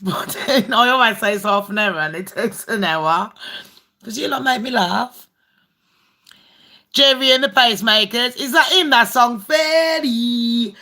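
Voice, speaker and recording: A woman's voice: fairly high pitch, normal speed, pauses often, sharp tone. A woman hosting a casual live stream, chatty, swearing freely and laughing often. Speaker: livestream host.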